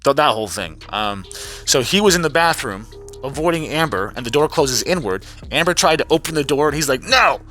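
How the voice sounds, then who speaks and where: A young man giving a casual, profane recap vlog, animated and full of fillers and restarts. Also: mid-range voice, fairly quick, faint music behind. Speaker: vlogger recapping a trial.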